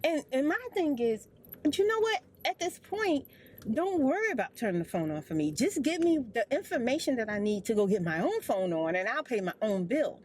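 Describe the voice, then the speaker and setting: Animated older woman rambling high. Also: moderate pace, slight background noise. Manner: animated, repetitive, complaining, acts out dialogue. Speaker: ASMR creator. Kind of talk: rambling storytelling chat.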